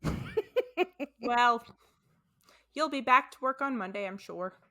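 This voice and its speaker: A woman's voice: a little high, big pitch swings, slow, pushed and bright. A young adult woman co-hosting a podcast, playful and teasing, a little tipsy from wine. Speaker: podcast co-host. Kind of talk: casual chat.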